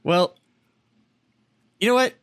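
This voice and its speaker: A man's voice: slow, fairly bright tone, no room sound. A man hosting a podcast in casual chat, wry and profane. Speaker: podcast host.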